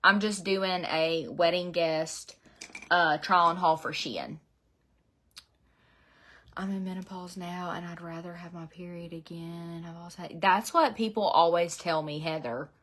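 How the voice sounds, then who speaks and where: A woman's voice: on the low side, steady tone, unhurried, a bit bright. A middle-aged woman with a Southern Georgia accent, chatting casually and rambling with frequent laughs while doing her makeup at home. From Southeast Georgia, USA. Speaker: beauty vlogger. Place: her home beauty room, indoors.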